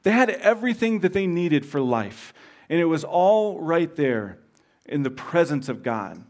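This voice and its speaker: A preacher from Texas in his thirties with a slightly higher voice, delivering a sermon. He talks in a loose, conversational way, telling stories and circling back through fillers and restarts. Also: sing-song, measured pace, a little mellow. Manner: informal, storytelling, many fillers and restarts. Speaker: visiting preacher.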